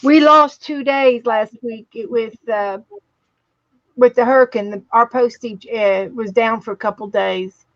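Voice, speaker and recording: A woman with a West Virginia accent hosting a casual livestream chat, telling stories slowly with many restarts. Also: on the high side, fairly bright tone, dry recording, muffled recording. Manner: slow, rambling storytelling with many restarts. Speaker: livestream host.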